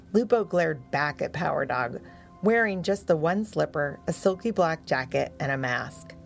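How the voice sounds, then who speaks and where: Woman narrator for a children's story: gentle, expressive, unhurried, slight fry. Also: deep voice.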